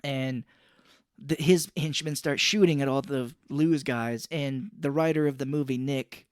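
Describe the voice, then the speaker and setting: A man's voice: mid-range voice, steady tone, unhurried, dry recording, studio quality. A man co-hosting a podcast, casually retelling a movie plot in a rambling way and swearing offhand. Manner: rambling storyteller who acts out characters and swears casually. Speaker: podcast co-host.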